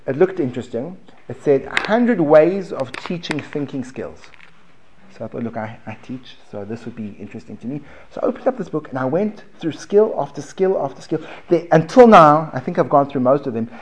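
A man with a South African accent teaching a Talmud class in a relaxed, conversational way, restarting phrases and checking in with his students. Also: a little high. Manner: conversational, repeats words and restarts, asks the room questions. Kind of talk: informal classroom lecture. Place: basement classroom.

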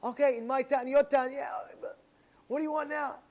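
Excited fawning townsfolk, high voice, played by a man. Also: normal speed. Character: eager crowd of townsfolk serving a king.

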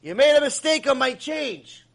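A man's voice: very high-pitched, animated, normal speed, vocal fry, fairly bright tone, voice pushed up, heavily acted. A man doing a scolding rude woman customer. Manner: scolding, accusing.

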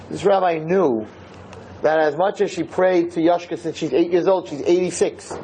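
A man lecturing on Torah, telling a story in an animated way and circling back over his own phrases for emphasis. His voice is mellow and dark, with a faint hiss of room noise behind him. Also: fairly high pitch, low-quality recording. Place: lecture hall with listeners.

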